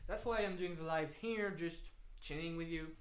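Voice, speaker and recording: A native French speaker with a French accent and a fairly high voice chats casually with live-stream viewers while he builds. He speaks at a moderate pace, rambling and hesitant, in an echoey room with faint noise.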